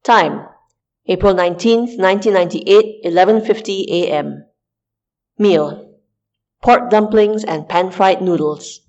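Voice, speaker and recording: A woman's voice: fairly low pitch, unhurried, darkish tone, lo-fi sound. A woman reading a first-person story aloud in a dry, wry food-diary manner. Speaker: story reader. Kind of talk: scripted first-person narration.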